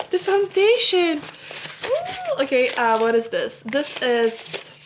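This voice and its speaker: Young woman vlogger, slightly high voice, slow and gushing, with giggles and fillers, background noise and crinkling. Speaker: beauty vlogger. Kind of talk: excited unboxing vlog.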